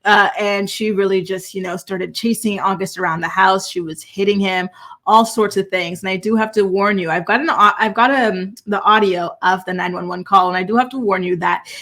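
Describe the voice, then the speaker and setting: A woman's voice: mid-range voice, fairly even intonation, a little fast, a bit bright. A woman hosting a reality TV gossip commentary, chatty and opinionated, with lots of fillers and restarts. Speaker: host.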